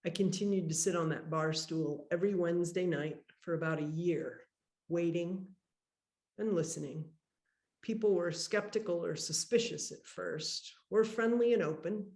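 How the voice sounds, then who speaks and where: A woman priest giving a workshop talk, telling a personal story in a reflective, measured way. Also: on the low side, a little mellow, reverberant. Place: conference workshop room.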